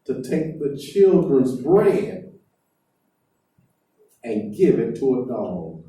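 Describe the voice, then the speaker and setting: A grave male teacher with measured, weighty words, voiced by a man preacher. The dark, low voice rings out from a distance through a booming hall. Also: sing-song. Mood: solemn. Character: stern, solemn male teacher refusing a plea. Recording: echoey hall heard from afar.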